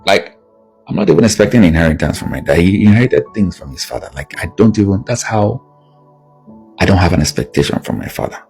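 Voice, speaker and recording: A man's voice: sits low, animated, fast, darkish tone, slightly rough, soft background music. A man talking bluntly and emphatically in a candid personal monologue, pressing his points harder as he goes. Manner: blunt and emphatic, rising to raised insistence. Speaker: video monologue host.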